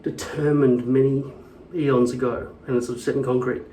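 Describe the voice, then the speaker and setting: A man's voice: mid-range voice, level tone, normal speed, mellow, a little hiss or hum. A man vlogging in casual chat, rambling and swearing as he rants. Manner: rambling, profane and ranting. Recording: echoey room, mic at a distance.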